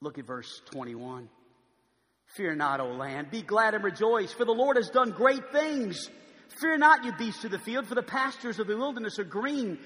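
A male preacher with a very high, bright, ringing voice delivers a sermon. He moves from hushed, pleading moments to loud, forceful proclamation. His voice carries with the long reverb of a large church hall. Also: expressive, normal speed.

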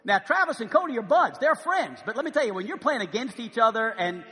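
A middle-aged male pastor preaches in a high, bright voice, moving between hushed conversational asides and loud, emphatic pleading. He checks in with the congregation with questions like "amen?" The sound has a long reverberant tail, as in a large church hall. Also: very animated, brisk. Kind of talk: sermon.

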